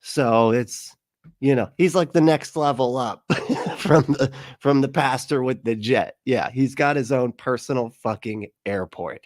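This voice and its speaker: A man's voice: mid-range voice, unhurried, dry recording, studio quality. A man hosting a livestream reaction show, chatting casually with lots of laughter and mocking asides.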